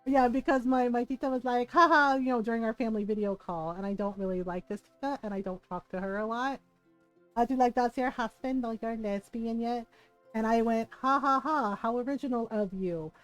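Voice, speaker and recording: A woman streamer talks fairly quickly in a high-side voice, sharing stories about her Filipino family as she plays. She laughs often and acts out relatives' voices with animation. Faint music sits behind a rough recording.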